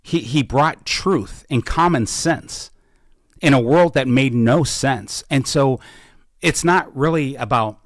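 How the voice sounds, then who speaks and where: A man hosting a podcast, talking about politics in a fervent way and building up to slow, emphatic declarations from a small studio. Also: mid-range voice, no room sound. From Washington State. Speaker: podcast host. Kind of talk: impassioned political talk.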